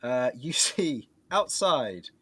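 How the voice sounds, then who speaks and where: A man narrating a tabletop game as game master, lively and laughing often. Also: medium pitch, takes it slowly, slight background noise. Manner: lively, laughs often while describing scenes.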